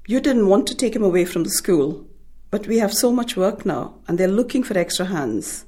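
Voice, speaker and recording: A woman's voice: medium pitch, lively intonation, normal speed, warm tone, breathy edge. A woman reading aloud, voicing the young girl narrator as she earnestly urges and pleads. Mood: urging. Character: young girl factory worker, earnest and determined.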